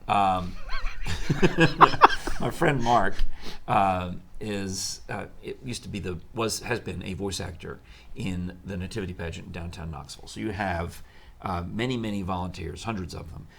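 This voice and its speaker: A man's voice: deep voice, steady tone, moderate pace, creaky, a little hiss or hum. A man hosting a live chat show, telling stories in a chatty way and laughing often. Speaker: show host.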